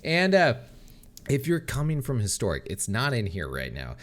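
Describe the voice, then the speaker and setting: A man co-hosting a podcast in casual chat, excitable, swearing a lot and laughing often. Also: medium pitch, normal speed. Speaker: podcast co-host.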